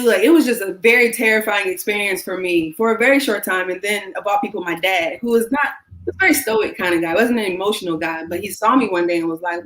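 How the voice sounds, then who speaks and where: A woman's voice: mid-range voice, fairly quick, poor audio. A woman guest telling a personal story in a frank, chatty way, acting out the people she quotes. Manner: animated, acts out quoted voices; frank, chatty, self-deprecating. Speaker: interview guest. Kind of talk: casual storytelling.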